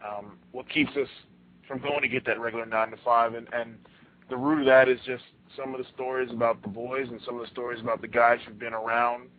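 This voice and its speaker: A male radio host spins an animated story for his roundtable, repeating words as he restarts and then tossing the floor to his guests. He comes through a thin, phone-like line, at an average pitch for a man. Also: fairly quick.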